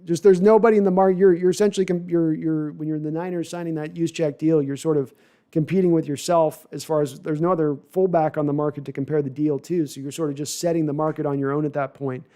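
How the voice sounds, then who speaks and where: Guy doing a live stream chat, reads comments out and answers, mellow slightly high voice. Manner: chatty, reads viewer comments aloud and answers them; animated, with quick asides and self-corrections. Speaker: livestream host answering viewer chat. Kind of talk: casual live chat about football.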